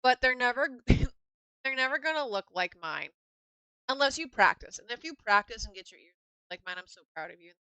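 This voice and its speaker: A woman chatting casually on a live stream as a craft vendor, blunt and quick to laugh, swearing casually. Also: high voice, lively intonation, bright, forceful tone, smooth, no echo, poor audio.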